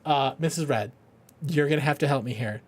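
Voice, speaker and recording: A man's voice: medium pitch, fairly quick. A middle-aged man streaming a game for charity, chatting casually, joking, swearing and often laughing. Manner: rambling, jokey, swears freely, laughs often. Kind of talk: casual live-stream chat.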